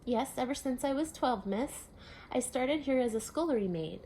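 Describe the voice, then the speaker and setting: A woman's voice: high voice, expressive, normal speed, a little hiss or hum, voice pushed up, low-quality recording. A woman voicing a kindly, talkative housemaid in a storybook reading. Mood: chatty. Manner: chatty, homely and warm-hearted. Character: kindly talkative maid, middle-aged.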